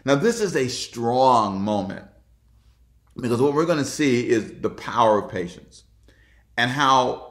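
A man's voice: mid-range voice, reverberant. A male pastor preaching, reading scripture aloud and repeating key lines for emphasis. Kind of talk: sermon.

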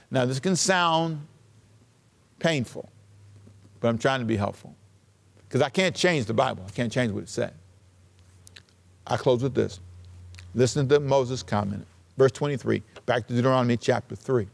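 A man preaching a sermon, slowing to read scripture and rising sharply in pitch for emphasis. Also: creaky, big-room sound. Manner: preaching with dramatic pauses and sudden rises in pitch; slows down to read scripture aloud. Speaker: pastor.

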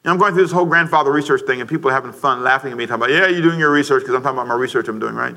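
A middle-aged man preaching a sermon to a congregation, lively and joking, rising to shouts. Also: medium pitch, racing, vocal fry. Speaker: pastor. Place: church sanctuary before a congregation.

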